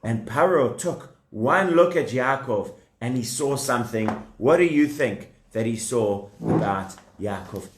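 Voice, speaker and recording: Slow, animated children's storyteller man. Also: medium pitch, echoey room, a little hiss or hum. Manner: animated, asks the kids questions.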